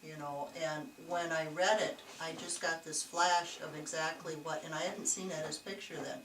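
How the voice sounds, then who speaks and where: A woman telling a chatty, animated story indoors in an old jail, laughing easily. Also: low-pitched, moderate pace. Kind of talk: casual storytelling to investigators. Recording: echoey, distant, noisy camcorder audio.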